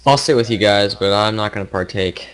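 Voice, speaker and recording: A man's voice: lowish voice, a little fast, a bit bright, smooth, rough recording. A man playing an elf character in a tabletop game, polite and formal. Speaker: player.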